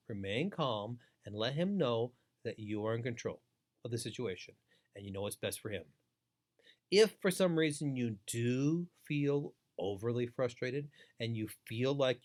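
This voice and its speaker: A man's voice: medium pitch, darkish tone. A middle-aged man delivering a webinar lecture as a foster care trainer, emphatic and repetitive, driving each point home.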